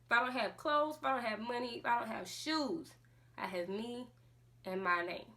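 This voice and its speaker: A woman's voice: a little high, normal speed, bright, forceful tone. A woman vlogging a casual monologue to camera, speaking with passion and firing off rhetorical questions. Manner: impassioned, full of rhetorical questions.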